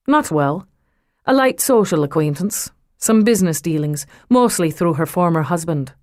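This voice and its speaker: A woman voicing a suave, wealthy man with a faint Irish lilt, smooth and amused, in an audiobook. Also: fairly low pitch, animated, moderate pace, a little mellow, no room sound, clean studio sound, lightly acted. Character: suave wealthy man, teasing and self-assured. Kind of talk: audiobook character reading.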